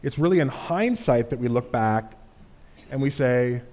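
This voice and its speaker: A man preaching a sermon in a relaxed, conversational way, dropping in casual fillers. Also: medium pitch, a little slow. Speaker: pastor.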